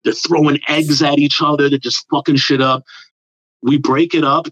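A man's voice: a little high, moderate pace, no room sound. A man, telling a rambling, profane story in casual podcast chat. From New York area. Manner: profane, rambling, animated with put-on quotes. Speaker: comedian guest. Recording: dull lo-fi dry sound.

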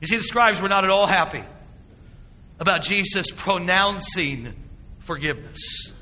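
A man's voice: high-pitched, measured pace, bright, forceful tone, big-room sound. A man preaching a sermon as a pastor, with emphatic delivery and rhetorical questions to the congregation. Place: church sanctuary.

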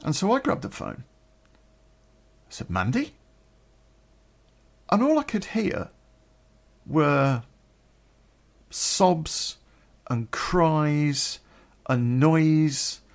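A man's voice: a little high, animated, drawn-out words, long pauses. A middle-aged man telling a personal story on a podcast, candid and rambling, swearing freely.

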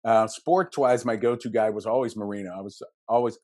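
A man from Western Pennsylvania in his fifties with a Pittsburgh accent, a podcast guest telling animated, jokey stories. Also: lowish voice, no echo, studio quality. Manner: animated storyteller, jokey, quick asides. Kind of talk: casual podcast interview.

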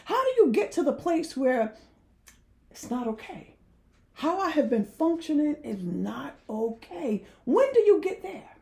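A woman leading a heartfelt faith-based discussion, talking earnestly with a preacher-like cadence and drawn-out emphasis. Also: high voice, big pitch swings, creaky, warm tone.

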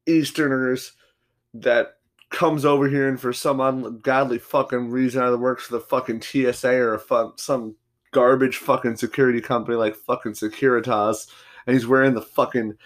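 A man hosting a solo podcast, telling stories in a rambling, profanity-filled, combative rant. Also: medium pitch. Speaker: podcast host.

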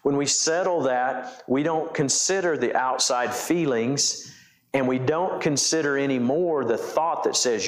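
A man's voice: mid-range voice, unhurried, reverberant. A man preaching a sermon as pastor, asking the congregation questions and often repeating and restarting his phrases. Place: church.

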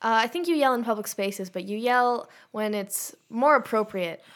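A woman's voice: a little high, normal speed, a bit bright. A young woman co-hosting a casual chat podcast, bantering wryly and agreeing easily. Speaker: podcast co-host.

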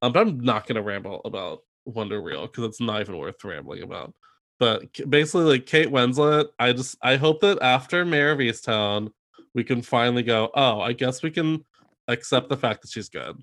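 A man co-hosting a podcast in casual chat, talking in chatty bursts full of fillers and quick asides. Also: medium pitch, expressive, fairly bright tone. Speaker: podcast co-host.

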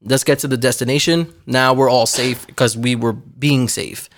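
A man's voice: medium pitch, fairly even intonation, normal speed, no room sound, clean studio sound. A man in casual group chat, slangy and teasing, often restarting his sentences.

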